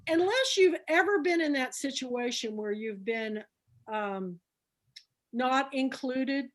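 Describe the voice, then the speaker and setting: A middle-aged woman tells stories with a high, bright voice. She is chatty and animated, slipping into the voices of the people in her tales. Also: slow. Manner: chatty, animated storyteller who acts out dialogue. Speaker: book club founder speaking to a group. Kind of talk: storytelling talk.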